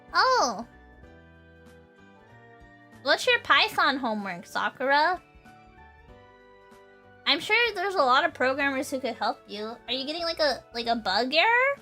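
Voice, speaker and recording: A woman's voice: high-pitched, big pitch swings, measured pace, pauses often, pushed and bright, soft background music. A young woman hosting a casual livestream chat, rambling through stories and breaking into giggles. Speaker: livestream host.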